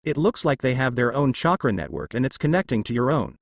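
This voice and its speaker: A man voicing a gentle, shy young female ninja in a soft, polite way, in a fan story read aloud. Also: medium pitch, very animated, a little fast, vocal fry, no room sound.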